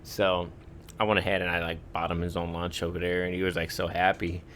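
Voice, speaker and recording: A man's voice: low-pitched, level tone, a little fast, a bit bright, slight background noise. A man in his twenties telling stories on a podcast in a casual, rambling way, full of "like" and "uh". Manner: rambling, lots of "like" and "uh" fillers. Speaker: podcast storyteller. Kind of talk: casual chat.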